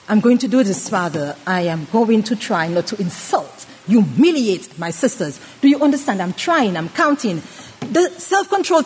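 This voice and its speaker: A woman preaching a sermon with an acted-out story, dramatic, swinging between loud and hushed delivery. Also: medium pitch, slightly rough. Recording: long reverb of a hall.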